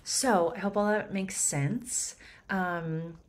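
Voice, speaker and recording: A woman coaching actors through an audition monologue in a chatty, animated way, clearly fond of the material. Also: on the low side, slow. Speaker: acting coach.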